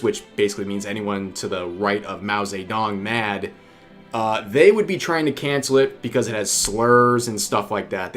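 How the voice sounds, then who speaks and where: A young man in casual livestream chat, reading viewer donation messages aloud, often repeating his phrases. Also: on the low side. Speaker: streamer reading super chats.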